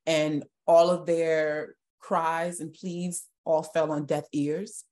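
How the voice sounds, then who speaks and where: Low-voiced woman telling her story. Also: level tone, slow, warm tone. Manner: earnest, emotional retelling with restarts. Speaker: podcast guest. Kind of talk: personal testimony in a podcast interview.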